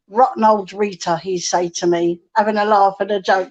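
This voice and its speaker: A woman's voice: mid-range voice, little pitch movement, normal speed. A woman chatting on a live stream as a guest, telling a story and quoting the people in it. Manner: chatty storyteller, quotes others. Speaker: guest musician. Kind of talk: casual live-stream chat. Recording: dull lo-fi stream audio.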